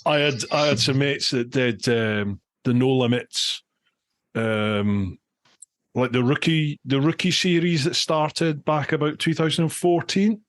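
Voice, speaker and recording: A man hosts a relaxed podcast conversation at a mid pitch. He leans on slang and laughs easily along with his guest. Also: a little slow. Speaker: podcast host. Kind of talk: casual chat.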